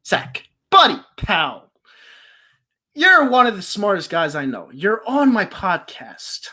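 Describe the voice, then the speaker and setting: A woman in her twenties from the Philadelphia area, hosting a live stream and ranting about her team in a passionate, exasperated, yelling way. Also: medium pitch, sing-song, takes it slowly. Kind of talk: heated live-stream sports rant.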